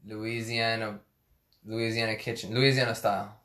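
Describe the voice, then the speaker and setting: A man's voice: lowish voice, level tone, moderate pace, bright, forceful tone. A man co-hosting a podcast in casual chat, mostly tossing in short, laid-back replies and guesses. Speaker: podcast co-host.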